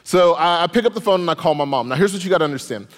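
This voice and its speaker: Brief: young male storyteller, animated and comic, higher-pitched; hall with long reverb. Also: rapid-fire. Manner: animated, comic, rising in excitement. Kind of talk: live stage storytelling.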